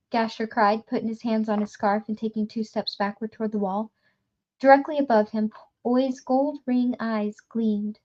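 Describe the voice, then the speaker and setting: A woman reading a novel aloud in a steady storytelling manner, stumbling now and then. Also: a little high, normal speed, muffled recording. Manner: steady storytelling with occasional slips. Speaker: reader.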